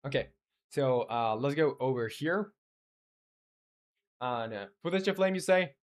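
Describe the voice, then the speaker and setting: A man's voice: mid-range voice, lively intonation, unhurried. A man talking casually while streaming game development, reading chat aloud and rambling with many fillers.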